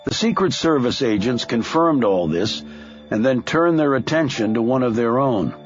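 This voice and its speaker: A man narrating a thriller audiobook in a measured, expressive storytelling manner with a husky voice. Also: mid-range voice, dull audio, soft background music.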